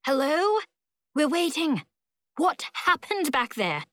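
Lady doing a jumpy young boy, high and breathless, keeps pushing questions, dry close audiobook sound. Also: big pitch swings, slow pace, a bit bright, no echo, full character voice. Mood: pressing.

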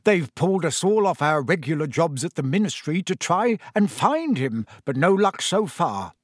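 A man's voice: fairly high pitch, very animated, moderate pace, no room sound, studio quality. A man doing a grave, weary middle-aged father. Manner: grave, strained. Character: worried, kindly middle-aged father and wizard.

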